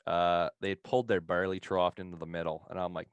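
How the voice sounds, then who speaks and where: Low-voiced man telling a profane story. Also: flat delivery, brisk, clean tone, no room sound, lo-fi sound. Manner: profane, rambling, laughs through his story. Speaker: podcast co-host telling a story. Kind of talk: casual podcast storytelling.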